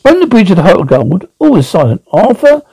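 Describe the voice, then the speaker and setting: A man narrating a novel aloud, halting and often restarting his sentences. His voice is gravelly and dark, with lively pitch. The recording is dry and close. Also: no room sound, poor audio. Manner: halting, with frequent slips and restarts. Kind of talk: audiobook reading.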